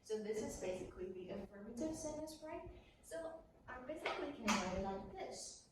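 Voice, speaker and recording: A woman's voice: on the high side, expressive, a little fast. A woman with a Taiwanese accent teaching an English grammar lesson in class, repeating key words and answering her own questions. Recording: echoey classroom from far off, with noise.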